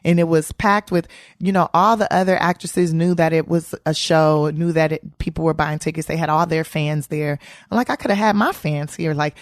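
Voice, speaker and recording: A woman's voice: low voice, moderate pace, no room sound, studio quality. A woman comedian being interviewed, telling stories in a casual way and acting out the voices of people she quotes. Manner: animated storyteller, acts out quoted voices. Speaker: comedian guest.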